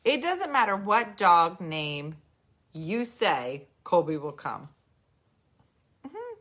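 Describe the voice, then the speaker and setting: Slow, lively New Jersey woman. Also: on the low side. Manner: chatty, talks sing-song to her dogs. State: tipsy. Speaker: podcast host. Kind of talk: casual chat.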